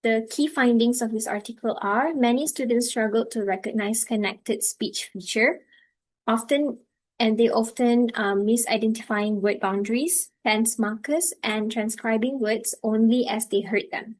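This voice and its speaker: A woman student presenting her part of a class project, halting and using fillers as she explains. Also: a little high, steady tone, rough recording. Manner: halting, with fillers and slow stretches.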